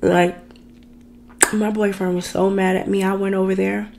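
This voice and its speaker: A woman's voice: mid-range voice, flat delivery, moderate pace, vocal fry, a little mellow, slight background noise. A woman vlogger telling a dramatic personal story in a chatty, ranting way, talking straight to her viewers. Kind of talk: casual storytime rant.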